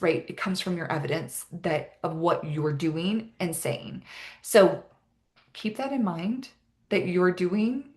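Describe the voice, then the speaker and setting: A young woman coaching in a casual motivational talk, earnest and upbeat, with many "like" and "right?" asides. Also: lowish voice. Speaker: fitness and mindset coach.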